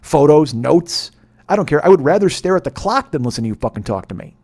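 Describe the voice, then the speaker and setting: A man hosting a podcast, telling a profane, ranting comedic story that swings between muttering and loud exasperation. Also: on the high side, very animated, brisk. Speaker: podcast host. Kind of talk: rambling comedic monologue.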